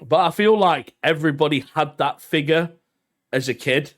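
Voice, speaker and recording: A man's voice: fairly high pitch, normal speed. A young man, a podcast co-host, chatting casually with jokey, slangy banter. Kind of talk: casual chat.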